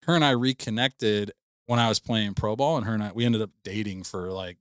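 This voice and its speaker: A man's voice: lowish voice, a little fast, fairly bright tone, no echo, studio quality. A man in his thirties co-hosting a podcast, telling a long embarrassing story in a rambling, laughing way with lots of restarts. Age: 30s. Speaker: podcast co-host. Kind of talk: casual storytelling chat.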